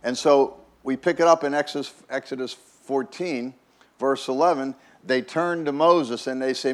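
Guy pastor giving a laid-back sermon, ordinary pitch, repeats himself, keeps saying right?. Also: moderate pace. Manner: folksy, restarts words, asks "right?". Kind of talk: conversational sermon.

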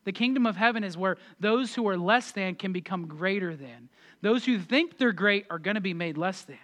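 A male pastor delivers a lively sermon in a strikingly high voice. His tone is bright and forceful, and he swings between loud, excited passages and hushed, quiet asides. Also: moderate pace.

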